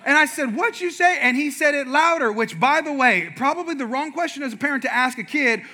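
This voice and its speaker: A man's voice: very high-pitched, fairly quick. A middle-aged man preaching a sermon, telling stories with humor and talking straight to the congregation. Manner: animated, humorous, talks to congregation. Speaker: pastor. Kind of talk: sermon with storytelling.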